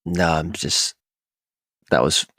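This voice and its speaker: A young man co-hosting a podcast in relaxed, agreeable casual chat. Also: extremely low pitch, slow, dry recording, studio quality. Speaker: podcast co-host.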